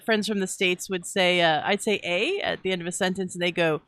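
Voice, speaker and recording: A woman's voice: on the low side, brisk, a bit bright, no room sound, studio quality. A woman from Toronto with a Canadian accent, hosting a podcast interview and reading the outro with bubbly enthusiasm and frequent laughter. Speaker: podcast host.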